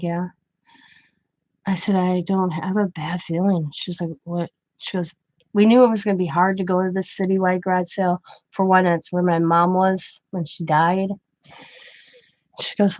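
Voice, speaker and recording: A woman's voice: lowish voice, darkish tone, dry recording. Chatty grandmother rambling through a story. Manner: rambling, chatty, quoting others in her own voice. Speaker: craft channel host. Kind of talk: casual storytelling.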